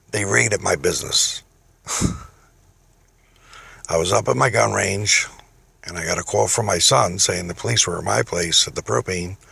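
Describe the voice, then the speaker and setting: A middle-aged man tells his own story in a rough, gravelly voice with a husky edge. He talks casually and gets indignant, his voice rising when he quotes what he said. The recording is close and dry, with no room sound. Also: low voice, dry recording. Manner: indignant, animated when quoting himself. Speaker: business owner telling his story. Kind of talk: casual first-person storytelling.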